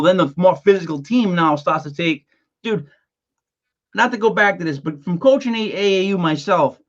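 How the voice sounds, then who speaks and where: A man's voice: a little high, a bit bright, lo-fi sound. A man hosting a casual sports podcast, talking in an emphatic, conversational way and sometimes repeating words as he starts a sentence. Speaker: podcast host.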